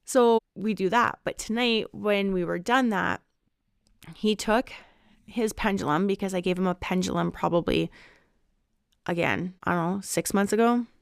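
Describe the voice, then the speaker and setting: Gravelly-edged, smooth-voiced woman host. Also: medium pitch, steady tone, moderate pace, dry recording, clean studio sound. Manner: candid, reflective monologue. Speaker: podcast host. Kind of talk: casual personal reflection.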